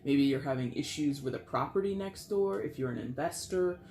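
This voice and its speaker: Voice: medium pitch, moderate pace, darkish tone, echoey room, slight background noise. A tarot reader giving a casual, chatty reading, swearing freely and acting out little scenes. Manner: chatty, profane, acts out quotes.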